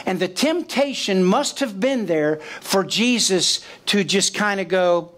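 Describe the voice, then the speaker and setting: Slow, high-voiced male preacher. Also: animated, fairly bright tone. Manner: questions the congregation, acts out quoted voices. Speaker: pastor. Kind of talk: sermon. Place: church sanctuary.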